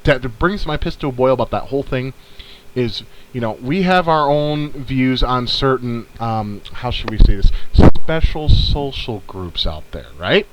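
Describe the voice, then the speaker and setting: A man's voice: mid-range voice, lively intonation, a little slow, background noise. A man from the northern United States co-hosting a podcast, ranting and rambling with heavy swearing. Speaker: podcast co-host. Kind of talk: casual podcast chat.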